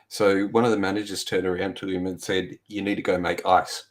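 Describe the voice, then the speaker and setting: A man with an Australian accent, telling a story from his old fast-food job in a relaxed, unhurried way. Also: deep voice. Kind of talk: casual storytelling chat.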